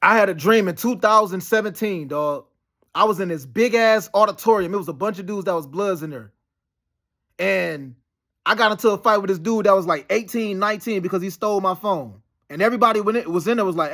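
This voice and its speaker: In a casual monologue, a man rambles on profanely, staying heated and insistent. He speaks quickly, and his voice is high for a man and a bit bright.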